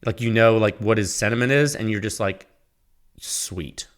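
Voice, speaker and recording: A man's voice: on the low side, normal speed. A man hosting his own podcast, talking casually and rambling, laughing at himself as he reads his own sponsor plug. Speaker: podcast host. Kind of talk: casual solo podcast talk.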